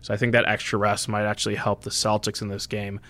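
A man co-hosting a podcast, giving his views on sports bets in a measured, slightly hesitant way. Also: lowish voice, completely flat delivery, sharp tone. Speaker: podcast co-host. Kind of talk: casual sports betting chat.

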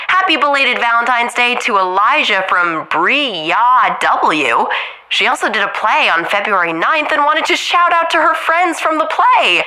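A bright, sensible co-host. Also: female voice, fairly high pitch. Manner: patient, matter-of-fact and upbeat. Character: sensible upbeat woman co-host. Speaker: podcast co-host. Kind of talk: kids' audio comedy.

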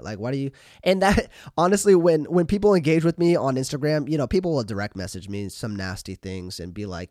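A man hosting a podcast, talking casually and in an animated way, with lots of fillers and restarts. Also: on the high side, moderate pace, dry recording, clean studio sound. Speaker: podcast host.

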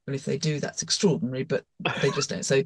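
A woman co-hosting a podcast in casual chat, talking emphatically in quick, confident bursts. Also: a bass voice, fairly even intonation, breathy edge, dry recording. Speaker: podcast co-host.

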